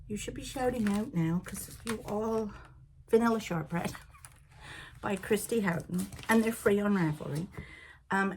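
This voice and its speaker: An older woman with a Liverpool accent softened by Canada hosts a knitting show, chatting and rambling with frequent laughs. Her voice sits on the lower side and still carries traces of a recent cold. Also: slight background noise. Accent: Liverpool with Canadian influence. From Liverpool, England. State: recovering from a cold. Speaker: knitting podcast host. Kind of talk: casual chat.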